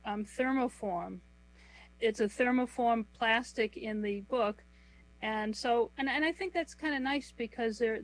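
Measured, explanatory woman guest. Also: a little high, rough recording. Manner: measured, explanatory, lists items slowly. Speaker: author and guest. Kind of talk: conversational interview answers.

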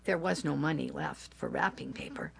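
A woman, likely older, telling a personal family story aloud in a slow, gentle, measured way. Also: low-pitched, huge pitch swings, vocal fry.

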